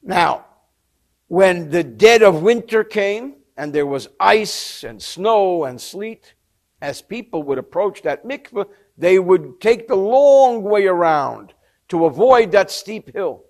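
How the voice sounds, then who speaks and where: A Torah teacher with a high-sitting, slightly mellow voice gives a textual study lesson at a slow, animated pace. He tells a story expressively and explains Hebrew terms in English.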